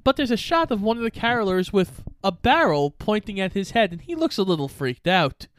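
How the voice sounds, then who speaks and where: A man's voice: high-pitched, sing-song, brisk, smooth. A man co-hosting a casual podcast, retelling a film's scenes with energy and plenty of swearing. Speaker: podcast co-host. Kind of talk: casual movie recap chat.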